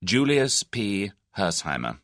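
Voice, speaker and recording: A man voicing Tommy, a cheerful, steady young Englishman, in an audiobook. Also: on the low side, slow, dry recording, studio quality, full character voice.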